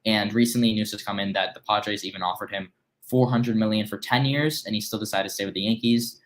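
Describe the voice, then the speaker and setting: A man's voice: lowish voice, steady tone, fairly quick, fairly bright tone. A teenage boy, a guest on a sports talk show, laid-back with dry humor. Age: teens.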